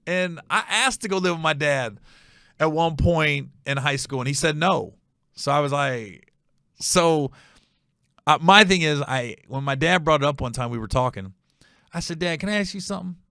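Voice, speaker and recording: A middle-aged man hosting a podcast, telling a story casually and animatedly, acting out other people's voices with high shouts. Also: animated, normal speed, no echo, studio quality.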